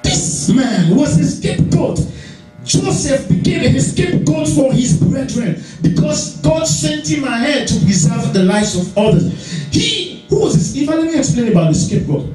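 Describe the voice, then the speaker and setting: Man preaching, high voice, mellow tone, very echoey church hall, soft music. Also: moderate pace, far from the mic. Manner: animated, acts out voices, repeats phrases. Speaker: pastor. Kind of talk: sermon.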